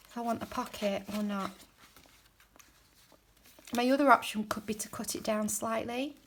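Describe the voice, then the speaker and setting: A woman chatting casually while she crafts at home, rambling and dropping into soft mutters as she works. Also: a little high, moderate pace, pauses often, slight background noise. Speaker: craft journaling creator. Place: home craft desk, indoors.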